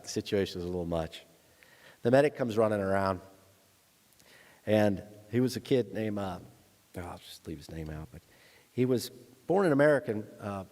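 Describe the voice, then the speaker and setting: A man's voice: fairly low pitch, darkish tone. A man in his thirties telling a personal story to a lecture audience, acting out voices with dry humor. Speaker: guest speaker, veteran. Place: lecture hall. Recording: long hall reverb.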